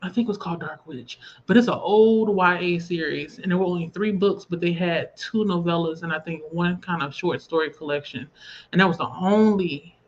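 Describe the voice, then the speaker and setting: A woman's voice: fairly low pitch, normal speed. Casting: rambling, chatty Southern woman hosting a livestream, slightly muffled audio. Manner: chatty, rambling, reads viewer comments aloud. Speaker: livestream host. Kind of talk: casual livestream chat. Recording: slightly dull lo-fi stream audio.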